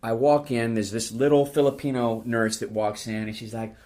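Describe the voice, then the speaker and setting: A man's voice: mid-range voice, steady tone, moderate pace, a little mellow. A male comedian telling stories in casual podcast talk, profane and self-deprecating. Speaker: stand-up comedian guest.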